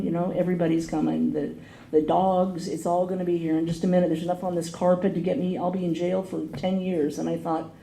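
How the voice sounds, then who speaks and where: An AA speaker with a fairly low, dark-toned voice shares her recovery story in a meeting hall. The room echoes with a little background noise as she earnestly recounts her past and acts out those she quotes.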